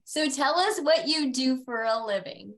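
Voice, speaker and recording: A woman's voice: high-pitched, lively intonation, unhurried. A woman hosting a podcast interview, upbeat and enthusiastic, often laughing with her guest. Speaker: podcast host.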